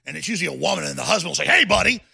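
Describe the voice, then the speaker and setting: A man hosting a talk show, delivering a combative political rant that builds into shouting. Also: on the high side, racing, vocal fry, husky.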